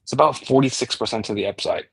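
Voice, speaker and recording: A man's voice: medium pitch, fast, gravelly, husky. Man rambling through a chart breakdown. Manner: loose, rambling, frequent restarts and swearing. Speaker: crypto trading analyst. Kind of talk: casual chart analysis.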